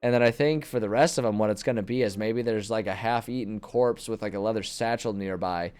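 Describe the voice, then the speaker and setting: Over soft background music, a man with a fairly low, smooth and slightly mellow voice chats briskly on a live stream from his desk at home. He rambles and corrects himself as he thinks aloud about a tabletop campaign he's planning, speaking into a desk microphone.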